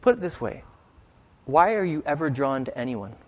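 A man's voice: a little high, very animated, moderate pace, muffled recording. Man preaching in an echoing hall. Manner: conversational, asks the congregation questions. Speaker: pastor. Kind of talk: interactive sermon.

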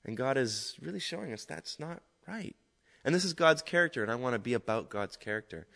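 A man giving a conversational, animated sermon as a preacher. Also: medium pitch, fairly quick, vocal fry. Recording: echoey hall.

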